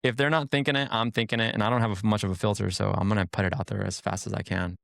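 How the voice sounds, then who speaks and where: Fast-talking man with a gravelly voice. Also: fairly low pitch, no room sound, studio quality. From Hispanic family background. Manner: animated storyteller, acts out quotes, swears freely. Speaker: podcast guest. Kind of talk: casual chat. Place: podcast studio.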